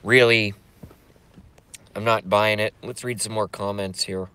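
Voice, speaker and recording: A man ranting angrily and profanely while reading viewer comments, swinging between yelling and mumbling. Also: on the low side, fairly even intonation, a little slow, clear, resonant tone. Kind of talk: angry political rant and comment reading.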